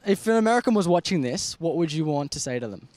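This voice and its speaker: A man's voice: a little high, sing-song, fast, a little mellow, no echo. A man from Australia interviewing people on the street, asking short, direct questions.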